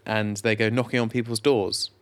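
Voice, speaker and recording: A low-voiced English man co-hosts a podcast, rambling casually at a moderate pace with little pitch movement. His chat is full of fillers and restarts.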